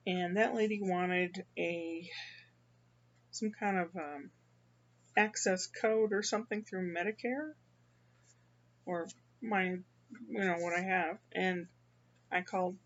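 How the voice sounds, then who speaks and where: An older woman from the Midwest talks in a loose, rambling way, stopping and restarting her sentences often. Her voice has a gravelly, creaky edge at a middling pitch. The recording sounds slightly dull and lo-fi. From American Midwest. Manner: rambling, halting, with many restarts. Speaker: vlogger. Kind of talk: casual personal monologue.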